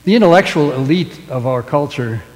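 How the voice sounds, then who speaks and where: A pastor preaching a sermon, with emphatic stresses that fall away into hushed line endings. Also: male voice, on the high side, expressive, a little fast, in a large hall, low-quality recording.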